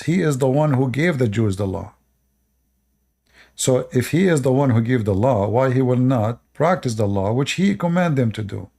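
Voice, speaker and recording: A man's voice: mid-range voice, a little mellow. A man hosting an online channel, lecturing viewers in non-native English, repeating short commands and asking rhetorical questions. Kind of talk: preachy advice monologue to viewers.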